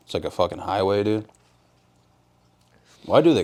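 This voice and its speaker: Deep-voiced laid-back young man. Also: lively intonation, quick pace, long pauses, a little mellow. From Rhode Island. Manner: laid-back, says "dude" a lot, laughs hard. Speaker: podcast host. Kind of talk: casual chat.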